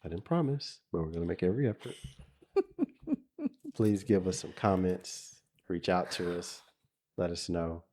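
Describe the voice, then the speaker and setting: A man's voice: deep voice, very animated, measured pace, long pauses, dark tone. A middle-aged man co-hosting a podcast, talking casually and reflectively, with frequent restarts and laughter. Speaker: podcast co-host.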